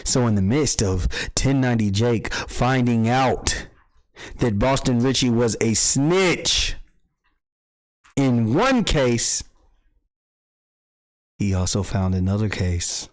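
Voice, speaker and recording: A man hosting a casual livestream, telling street gossip in an animated, profane style and acting out quotes. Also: medium pitch, slow pace, long pauses, poor audio. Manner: animated storytelling, acts out quotes, swears freely. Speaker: podcast host.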